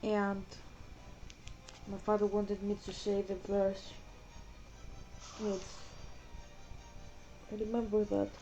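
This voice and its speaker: A woman vlogger speaking slowly and haltingly, often pausing to find her words. Her mid-range voice stays level with little rise or fall. Faint music plays behind her. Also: mid-range voice, completely flat delivery, dark tone, highs cut off. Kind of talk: casual vlog monologue.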